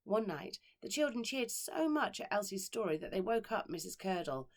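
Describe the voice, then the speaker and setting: A woman who teaches primary school, reading a children's story aloud with expressive delivery and dramatic pauses. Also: lowish voice. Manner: expressive, dramatic pauses, slows on key words.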